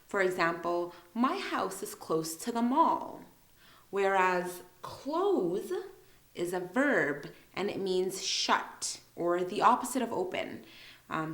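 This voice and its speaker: Slow, patient woman teaching English. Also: mid-range voice, a bit bright, roomy sound. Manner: patient, stretches out example words for emphasis. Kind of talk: slow, careful teaching explanation.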